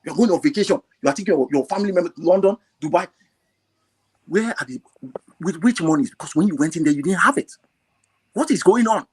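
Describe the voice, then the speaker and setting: A man calling in to a talk show, speaking with emotion, repeating himself and rising to near shouts. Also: high-pitched, expressive, fast talker, pauses often, husky. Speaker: caller. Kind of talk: impassioned call-in commentary.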